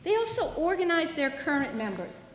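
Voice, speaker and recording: A woman's voice: extremely high pitch, very animated, moderate pace. A woman giving a teach-in lecture at a university, explaining her points emphatically and posing rhetorical questions to the audience. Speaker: university labor educator. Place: large hall at a university student union. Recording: echoey hall, faint room noise.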